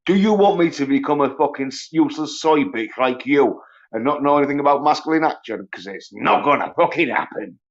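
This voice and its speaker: A man ranting profanely on a solo livestream, mocking others in high whiny voices. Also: expressive, a little fast. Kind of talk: angry solo livestream rant. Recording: dull lo-fi stream audio.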